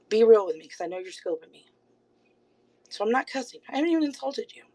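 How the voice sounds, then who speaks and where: Woman streamer, a little high, on a phone mic; confrontational rant delivered in quick bursts, keeps saying she isn't angry. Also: rough recording. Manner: confrontational, repeated pointed rhetorical questions; rapid bursts, insists she is calm. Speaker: live streamer. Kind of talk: livestream call-out rant.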